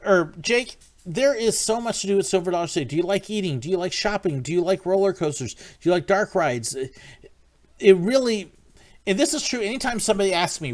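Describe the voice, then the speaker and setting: A man hosting a casual livestream, answering viewer questions in a rambling, friendly way with frequent ums. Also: high voice. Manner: friendly, greets viewers by name. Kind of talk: casual live-stream chat.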